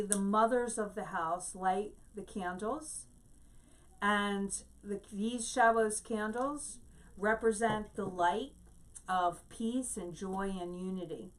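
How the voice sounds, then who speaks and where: A woman giving a Bible teaching, explaining Hebrew words slowly and telling a story to make her point. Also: medium pitch, recorded from a distance.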